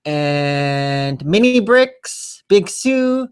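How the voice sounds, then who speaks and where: A man's voice: a little high, very slow, clear, resonant tone. A man in his thirties with a Canadian accent, co-hosting a live stream in a casual, chatty way. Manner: chatty, relaxed, reads out comments.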